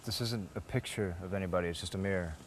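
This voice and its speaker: A man's voice: sits low, fast, a little hiss or hum, close to an everyday voice. A young man acting a shy small-town boy in a film, talking nervously and stumbling over his words. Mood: puzzled. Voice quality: nervous, stammering, with laughs between words. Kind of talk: film dialogue.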